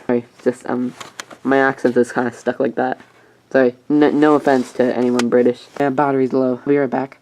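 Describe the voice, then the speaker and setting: A teenage girl talks through a casual home vlog review, her voice low and mellow. She rambles on in a chatty way and keeps breaking off to talk to the camera. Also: moderate pace, a little hiss or hum, low-quality recording. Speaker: YouTuber reviewing DVDs.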